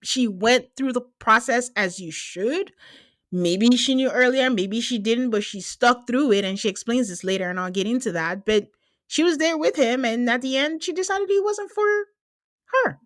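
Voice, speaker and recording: A woman hosting a podcast, recapping a reality show in casual chat, animated and laughing, with quick asides. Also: fairly high pitch, no echo. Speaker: podcast host.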